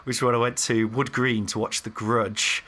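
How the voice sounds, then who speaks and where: A man's voice: mid-range voice, moderate pace, noisy background. A man hosting a podcast, telling stories in casual chat with lots of fillers. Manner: animated storytelling, many fillers. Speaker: podcast host.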